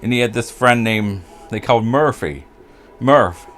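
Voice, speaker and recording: Speaking at a measured pace in a medium-pitched, slightly bright voice, an older man from the United States spins pub stories for his vlog. He meanders, chuckles, and forgets people's names along the way.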